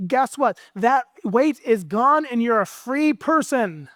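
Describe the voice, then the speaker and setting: A man voicing an overjoyed servant freed from a crushing debt, talking in an excited, gushing way. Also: extremely high pitch, takes it slowly, dry recording, studio quality, pitched above the performer's own voice, exaggerated voice. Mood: elated.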